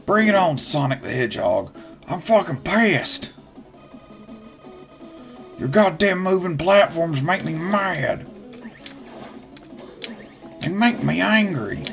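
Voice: medium pitch, lively intonation, slow, creaky, pauses often, faint music behind. A let's player giving gameplay commentary, swearing and grumbling at the game as they go. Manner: profane, grumbling running commentary. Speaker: let's play gamer.

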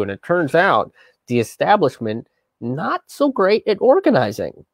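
His mid-range voice has a sing-song lilt and a moderate pace, recorded without echo. As host of a history and politics show, he tells the story live in a loose, chatty way, restarting often, dropping fillers and swears, and performing quotes.

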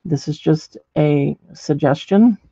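A woman's voice: deep voice, slow pace, mellow, breathy edge, no room sound, highs cut off. A middle-aged woman demonstrating ceramic painting in a chatty way, thinking aloud as she works. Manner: chatty, thinks aloud while working, many ums.

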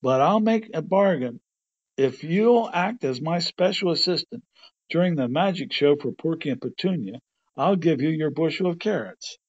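A man's voice: a little high, expressive, normal speed, slightly rough, muffled recording. A man doing a shy but boastful stage magician. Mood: scornful. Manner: shy, then grandly boastful and scornful. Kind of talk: storybook reading.

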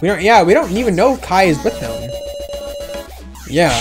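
A woman's voice: lowish voice, sing-song, moderate pace, pauses often. A woman giving let's-play commentary, reading game dialogue aloud and swearing in frustrated reactions, over game music. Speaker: gaming streamer.

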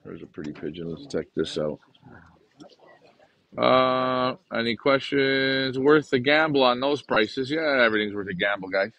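A Canadian man films a casual walk-around vlog on a handheld phone camera while strolling through an outdoor pigeon market, chewing gum and sounding chatty and upbeat. His mid-range voice is expressive and fairly bright, with a measured pace and no echo.

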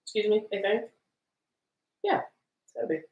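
A woman's voice: mid-range voice, expressive, moderate pace, a little mellow, roomy sound, muffled recording. A woman co-hosting a live stream, chatting casually and reading out movie lines, laughing at herself. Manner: chatty, self-deprecating, laughs often.

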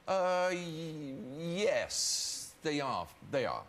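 A man's voice: fairly high pitch, big pitch swings, drawn-out words. An English man telling a story as a talk show guest, hesitant and self-deprecating, with many stumbling restarts. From England. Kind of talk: anecdote-telling chat. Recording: loud studio audience and noise.

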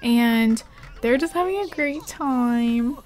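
A young woman speaks slowly in a fairly high voice while doing casual let's play commentary for her gaming channel. Excitable and full of exclamations, she addresses her game characters as she goes.

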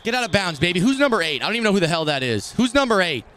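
A young man streaming a football video game, commenting live, swearing and swinging between muttered complaints and shouted reactions. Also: high voice, sing-song, rapid-fire. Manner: profane trash talk.

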